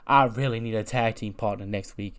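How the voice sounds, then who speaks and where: A man voicing a cheerful, eager male wrestler who loudly pleads for a tag team partner. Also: lowish voice, fairly even intonation, a little fast, smooth, close to an everyday voice. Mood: pleading.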